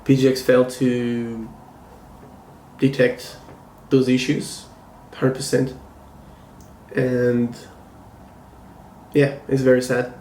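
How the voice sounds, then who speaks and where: A man talks slowly and evenly, with little rise or fall in his middle-pitched voice. His manner is measured and critical as he gives a casual video review. The room around him sounds echoey, with a faint hum of ambience. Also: monotone, darkish tone. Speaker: comic book collector and channel host. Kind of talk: casual review vlog talking to camera. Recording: roomy echo, faint ambience.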